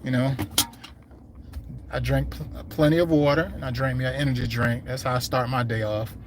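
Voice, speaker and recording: A man who runs a landscaping business, chatting casually on a livestream from his truck, rambling and slangy, his voice going hoarse. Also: mid-range voice, steady tone, moderate pace. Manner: rambling, laid-back, slangy talk. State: hungry and losing his voice. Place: inside his truck while driving. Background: faint vehicle road noise.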